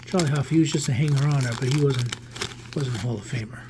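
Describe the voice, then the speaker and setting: Against a noisy background, a medium-pitched man in his 40s from the New York area talks fast while opening a pack of cards on his vlog. His commentary is relaxed and wandering, with frequent restarts as he thinks out loud.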